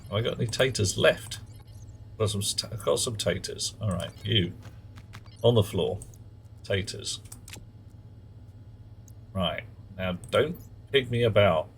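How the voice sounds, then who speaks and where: A man's voice: lowish voice, a little slow, creaky, pauses often, slight background noise. A man streaming a game live, chatting casually and muttering at in-game objects.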